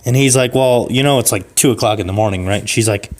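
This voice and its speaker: A man improvising a comic story on a podcast, rambling with fillers and restarts, and jumping to a shrill falsetto for old ladies. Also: quick pace. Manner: rambling, with fillers and self-corrections. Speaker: podcast co-host.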